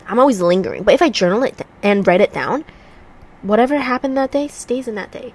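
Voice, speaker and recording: A woman with a fairly high, brisk voice sits by a heater in a room at home, doing a puzzle as she vlogs. She chats casually and rambles through stories, sounding congested.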